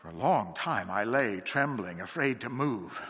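A man reads a dark horror story in a husky, bright-edged voice. His delivery is tense and dramatic, dropping low and climbing high, with a long hall reverb trailing each line. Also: lively intonation, a little slow. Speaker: narrator.

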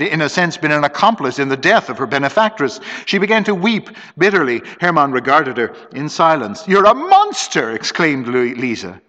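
A man narrates a story with a dramatic, varied reading. His voice is bright, and his pitch rises and falls a great deal. It is heard through a dull, lo-fi recording with a long hall reverb.

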